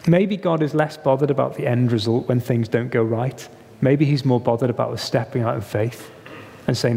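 A man preaching a sermon, telling the story in an animated way and acting out the voices in it. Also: fairly high pitch, normal speed, gravelly. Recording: long reverb of a hall.

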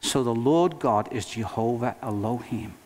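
A man's voice: medium pitch, a little mellow. Emphatic male pastor preaching in a reverberant hall. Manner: earnest, emphatic preaching with dramatic pauses. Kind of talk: sermon.

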